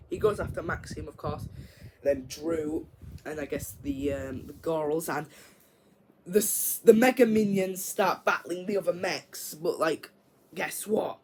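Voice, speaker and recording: A man's voice: on the high side, unhurried, darkish tone, slight background noise, poor audio. A man casually retelling his own version of a film plot, rambling with lots of fillers and mouth sound effects. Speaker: video creator.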